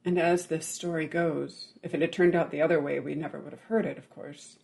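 A meditation teacher giving a Buddhist dharma talk, telling a legend in a measured way with many pauses, often checking in with "right?" and dropping to a near-whisper on key words. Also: mid-range voice, steady tone, vocal fry, darkish tone.

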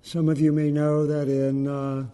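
A man giving a gentle, unhurried dharma talk to a group as a meditation teacher, pausing often. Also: fairly high pitch, completely flat delivery, in a large hall. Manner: gentle, unhurried, with frequent pauses and fillers.

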